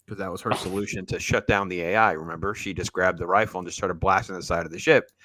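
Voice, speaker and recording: A man's voice: low-pitched, sharp tone, no room sound. A man hosting a casual reaction stream, riffing sarcastically and talking straight to his viewers. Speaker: show host.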